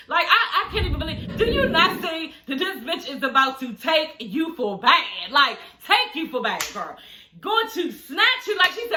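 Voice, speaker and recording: A woman's voice: high-pitched, sing-song, normal speed, bright, forceful tone. A young adult woman recapping a reality show episode in a sassy, gossipy, swear-heavy way, laughing often. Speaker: reality TV reviewer. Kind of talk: casual recap commentary. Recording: echoey room.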